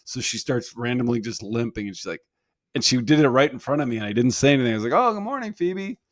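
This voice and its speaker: A man's voice: medium pitch, quick pace, dry recording, studio quality. A man in his thirties co-hosting a comedy podcast, telling a family story in casual chat and acting out the quoted lines. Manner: animated storyteller, acts out quotes in raised voice. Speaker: podcast co-host.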